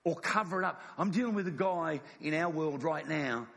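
Emphatic high-voiced preacher man. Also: normal speed, vocal fry, fairly bright tone, big-room sound. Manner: emphatic, repeats phrases, asks congregation "yes or no?". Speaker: pastor. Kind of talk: sermon. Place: church.

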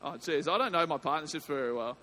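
A man's voice: fairly high pitch, quick pace, bright, forceful tone, slight background noise. A man preaching an evening sermon in a church, chatty and jokey, often breaking off mid-sentence and bursting into emphasis. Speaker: pastor. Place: church hall.

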